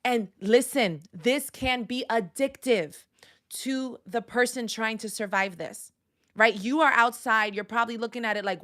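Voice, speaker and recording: A woman's voice: a little high, unhurried, fairly bright tone. A woman counselor hosting a faith-based live stream, talking emphatically in a preacherly way with exclamations.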